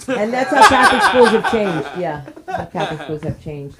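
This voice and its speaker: A woman from New Jersey hosting an open mic night, doing stand-up bits between introductions, laughing often and shouting during stories. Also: mid-range voice, very animated, normal speed, over a noisy crowd. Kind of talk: stand-up comedy and emceeing.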